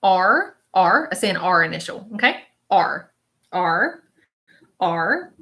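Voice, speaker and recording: Woman doing a psychic reading live, bright voice, repeats stuff, says okay a lot. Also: on the low side, big pitch swings, takes it slowly. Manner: chatty, repeats phrases, relays messages as quotes; reassuring, keeps checking in with "okay?". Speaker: spiritual medium hosting a live stream.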